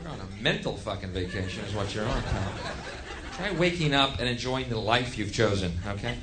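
A man doing live stand-up comedy, ranting in a profane, sardonic way that swings from mutters to shouts. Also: lowish voice, lively intonation, brisk, noisy background. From United States. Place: comedy stage.

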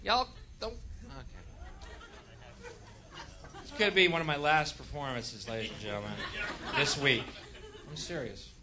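Profane, sardonic comic. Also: male voice, a little high, animated, a little slow, pauses often. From United States. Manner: profane, sardonic, swings from mutter to yell. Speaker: stand-up comedian. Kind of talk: live stand-up rant. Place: comedy stage.

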